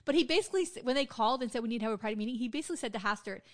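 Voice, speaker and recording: A woman's voice: fairly high pitch, rapid-fire. A woman co-hosting a podcast who tells a true-crime story in casual chat, swearing often and acting out the quotes as she goes. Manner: profane, animated storytelling that acts out quotes. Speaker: podcast co-host.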